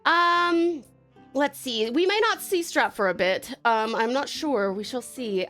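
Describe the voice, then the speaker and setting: Bubbly, high-voiced Australian woman streamer. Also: expressive, unhurried, fairly bright tone. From Tasmania, Australia. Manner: effusive, bubbly, swears freely. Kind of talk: live stream chat, thanking viewers. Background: faint music.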